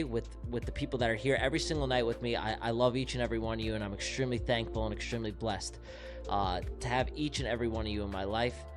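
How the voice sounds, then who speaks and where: A man hosting a trading livestream, talking in a rambling, affectionate, repetitive way. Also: medium pitch. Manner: rambling, affectionate, repeats himself. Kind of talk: casual live-stream chat.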